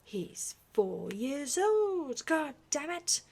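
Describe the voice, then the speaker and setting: A woman's voice: medium pitch, takes it slowly, vocal fry, breathy edge, full character voice. A woman whispering as a raging old duke. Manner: blustering, shouting in bursts. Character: stern, furious old duke obsessed with bloodline. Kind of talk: whispered role-play.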